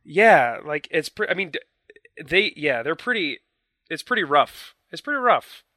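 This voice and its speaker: A man's voice: fairly high pitch, very animated, measured pace, sharp tone, no room sound. A man co-hosting a gaming podcast, explaining his points emphatically with hesitant restarts. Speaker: podcast co-host. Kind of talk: casual chat.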